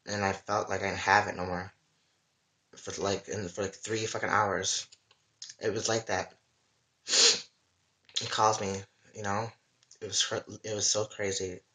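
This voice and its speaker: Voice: low voice, level tone, a little slow, long pauses, pushed and bright. A livestreamer in a casual, rambling monologue, emotional and full of swearing. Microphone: webcam or phone mic.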